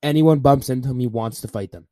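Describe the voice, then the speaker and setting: A man's voice: mid-range voice, fast talker, dark tone, no echo, studio quality. A young man in a casual podcast chat, telling laid-back anecdotes with plenty of swearing.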